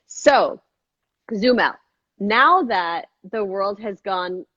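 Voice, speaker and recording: A woman in her thirties, an actress and filmmaker, chatting in an interview and often jumping into high-pitched quoted voices. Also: lively intonation, takes it slowly, fairly bright tone, dry recording, lo-fi sound. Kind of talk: casual interview chat.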